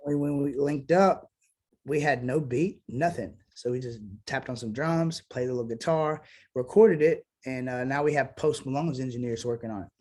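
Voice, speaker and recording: A man's voice: mid-range voice, moderate pace, darkish tone. Man, musician guest, casual and self-assured, mid-range voice. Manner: blunt, swearing, self-assured. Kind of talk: casual interview chat.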